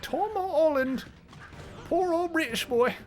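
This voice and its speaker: A man putting on a high, whiny voice as a young British man trying to hide his accent. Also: lively intonation, slow pace, a little hiss or hum, full character voice. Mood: mocking.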